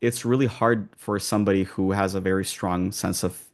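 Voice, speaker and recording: A low-voiced man giving advice as an accent coach in an interview. His voice is gravelly and sits on the low side. He speaks in a calm, measured way and often pauses and restarts his phrases. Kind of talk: interview answers.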